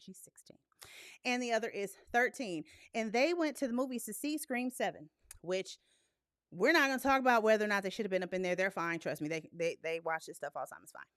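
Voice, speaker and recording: A young woman hosting a live movie talk stream in casual, blunt, profane chat, animated and laughing often. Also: mid-range voice, no echo, studio quality.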